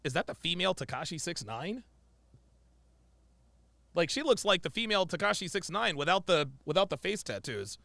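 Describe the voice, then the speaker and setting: A man's voice: sits high, very animated, moderate pace, creaky, pauses often, pushed and bright, dry recording. A man hosting a podcast, reacting to a clip with blunt, mocking, profane commentary.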